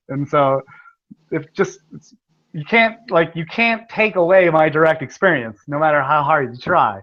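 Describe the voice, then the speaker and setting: A man hosting a casual live-stream chat, rambling and swearing freely over a video call. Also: on the high side. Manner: profane, rambling. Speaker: host. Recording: dull lo-fi stream audio.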